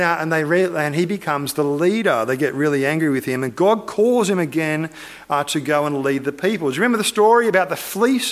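A man gives a sermon, telling an old story with animated energy and quick asides. His voice sits high and light, and he drops into little character voices as he goes. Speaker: preacher.

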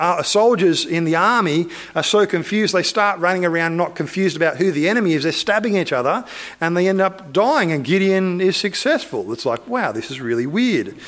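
A man preaching a sermon, retelling a story in a lively, animated way and acting out the characters' lines. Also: high-pitched. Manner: animated, acts out characters' voices.

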